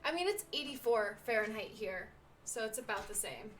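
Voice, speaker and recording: A woman's voice: fairly high pitch, lively intonation, normal speed, distant mic, background noise. A woman streaming a game live, chatting and rambling to her viewers. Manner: chatty, rambling, talks to chat. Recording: off-mic with game music.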